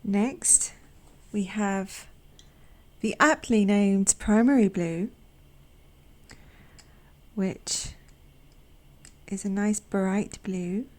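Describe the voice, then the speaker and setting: A woman hosting a watercolor channel, chatting gently as she paints swatches, sometimes dropping to a soft near-whisper and making self-deprecating asides. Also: medium pitch, extremely slow, long pauses. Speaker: watercolor artist and channel host. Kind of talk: casual narration while painting swatches.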